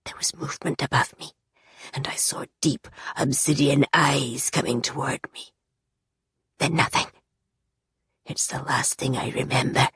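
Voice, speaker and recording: A woman reading an audiobook, voicing a tormented young male captive in a low, raspy, monotonous half-whisper. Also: very slow, pauses often, no room sound, clean studio sound, heavily acted. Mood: haunted. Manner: monotonous, hushed. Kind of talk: audiobook character voice.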